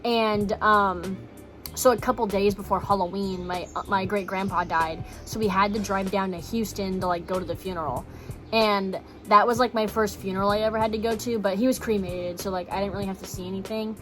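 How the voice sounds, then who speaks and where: A woman's voice: medium pitch, steady tone, a little fast, fairly bright tone, soft background music. Young woman swearing through a story. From Texas. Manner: blunt, swears freely, many "like" fillers. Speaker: vlogger. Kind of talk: casual storytelling.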